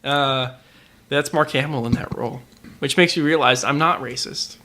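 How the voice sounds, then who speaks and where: A man's voice: medium pitch, moderate pace, sharp tone. A man co-hosting a podcast in casual chat, often stammering and repeating words as he searches for them. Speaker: podcast co-host.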